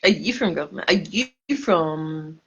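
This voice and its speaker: A woman's voice: deep voice, expressive, a little slow, breathy edge, lo-fi sound. Drunk woman rambling on a livestream. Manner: emphatic, swearing, stumbling repetitions.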